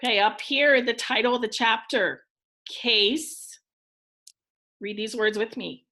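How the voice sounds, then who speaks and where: A woman teacher giving a recorded phonics lesson to young children, speaking in an encouraging way and enunciating each word clearly. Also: fairly high pitch, slow pace, pushed and bright. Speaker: elementary school teacher.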